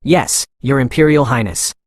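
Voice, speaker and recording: A man narrating a wary, measured male sword master from a recap story. He speaks with guarded caution in a dry, close recording. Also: medium pitch, no echo, natural voice.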